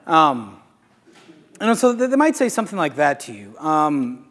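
A man, a Catholic priest, giving a casual, animated talk to a live audience, asking rhetorical questions. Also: on the high side, a little slow. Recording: echoey hall.

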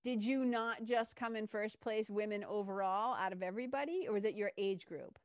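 A woman hosting a podcast, telling stories in a lively casual way and swearing now and then. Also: medium pitch, fairly quick, clean tone, dry recording, studio quality. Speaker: podcast host. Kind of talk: casual interview chat.

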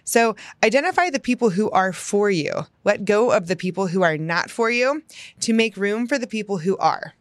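A woman's voice: medium pitch, animated, moderate pace, no room sound. A woman business coach hosting her own podcast, giving an enthusiastic, emphatic motivational talk that often checks in with "right?".

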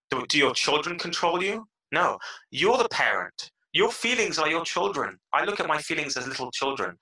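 A middle-aged man as a podcast guest, giving motivational advice in an animated way and acting out excited inner voices. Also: fairly high pitch, fairly quick, rough recording. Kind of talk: motivational interview talk.

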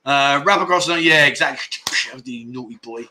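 A man's voice: mid-range voice, normal speed, bright, forceful tone, slight background noise. A man hosting a casual livestream, reading viewer comments aloud and bantering jokily with chatty fillers. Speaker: livestream host.

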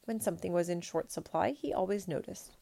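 A woman reading a picture book aloud in a measured, expressive storytelling manner. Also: fairly low pitch, gravelly.

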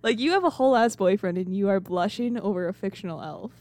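A woman's voice: medium pitch, fast, a little mellow, no echo. A young woman co-hosting a casual chat podcast, laughing often and swearing freely. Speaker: podcast co-host.

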